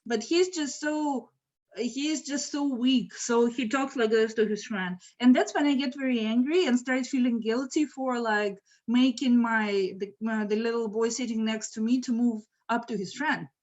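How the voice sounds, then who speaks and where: A woman telling a true story in a casual, animated way, laughing now and then, over a video call. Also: on the high side, normal speed, hardly any pauses, highs cut off. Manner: lively, animated, laughs mid-sentence. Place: home, virtual event.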